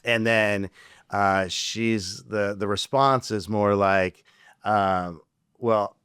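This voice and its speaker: A man hosting a podcast, talking in a relaxed, rambling way with easy laughs. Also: fairly low pitch, drawn-out words, clear, resonant tone, no echo, studio quality. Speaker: podcast host. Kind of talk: casual podcast conversation.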